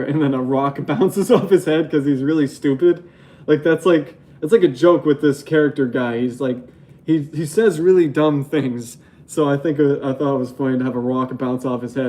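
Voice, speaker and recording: A man's voice: mid-range voice, dark tone. A young man in casual livestream chat as a graphic novel artist, rambling and laughing often as he talks.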